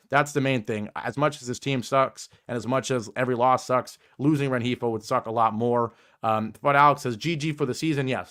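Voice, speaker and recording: A man's voice: mid-range voice, fairly bright tone. A young man hosting a sports podcast, reading out viewer comments and ranting in frustration, his voice climbing when he gets worked up. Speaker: podcast host.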